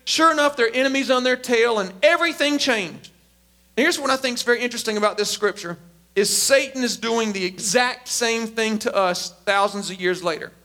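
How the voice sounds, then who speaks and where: A man preaching a sermon as a pastor, emphatic and animated. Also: extremely high pitch, fairly quick. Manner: animated, emphatic, acts out quotes.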